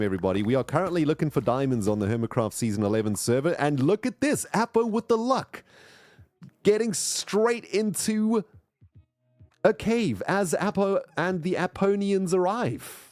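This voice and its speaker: Animated, excitable male game streamer. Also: medium pitch. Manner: chatty, excitable, greets viewers. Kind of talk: casual live gameplay chat.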